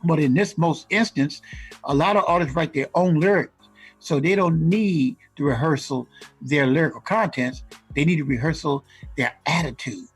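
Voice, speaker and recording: A man co-hosting a casual radio show, giving animated advice to recording artists. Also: on the high side, moderate pace, breathy edge, soft background music. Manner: animated, acts out rap lines and ad-libs. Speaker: co-host giving music industry advice.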